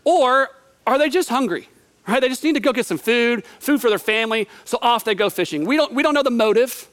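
A man with a very high-pitched, fairly bright voice preaches a sermon by retelling a Bible story vividly and conversationally. He asks the listener questions and acts out the quotes as he tells it.

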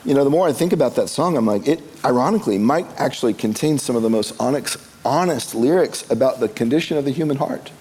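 A male pastor with a lilt delivers a sermon from the front of a church. His tone is conversational and easygoing, mixing plain teaching with light humorous asides. His voice sits at an ordinary middle pitch for a man. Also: animated, fast, few pauses, a little mellow, slightly rough.

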